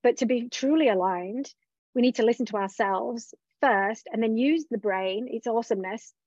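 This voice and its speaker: A woman's voice: on the high side, moderate pace, darkish tone, no room sound. Candid, reflective woman coach, dull recording. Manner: reflective, open, quotes her own thoughts. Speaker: business coach. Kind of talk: candid conversational interview.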